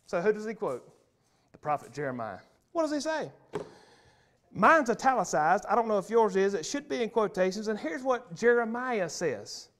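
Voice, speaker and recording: A man preaching a sermon as pastor in a church, emphatic and punchy, repeating key phrases and swinging between loud and soft. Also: sits high, very animated, normal speed. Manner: emphatic, punchy repetition, wide swings in loudness. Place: church sanctuary.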